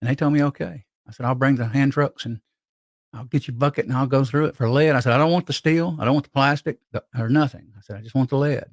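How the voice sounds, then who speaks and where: A man's voice: medium pitch, fast talker, no room sound. A man hosting a casual live stream, rambling and reading viewer comments aloud with lots of restarts.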